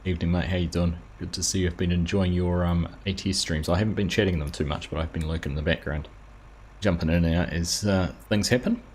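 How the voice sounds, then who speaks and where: A man talks casually through a live gameplay stream, welcoming viewers one by one in a relaxed, chatty way. His voice sits low and deep. A faint background hiss runs under the recording. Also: fast talker. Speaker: streamer, host of a live farming game stream. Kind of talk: casual live-stream commentary while playing.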